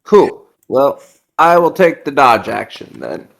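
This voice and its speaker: Man, tabletop player, gravelly voice, very slow, lively pitch, hesitant. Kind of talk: casual tabletop play.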